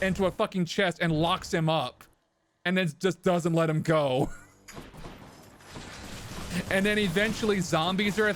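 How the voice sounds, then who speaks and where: A man's voice: high-pitched, a bit bright, slight background noise. Rambling, joking male game streamer. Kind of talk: casual gameplay commentary.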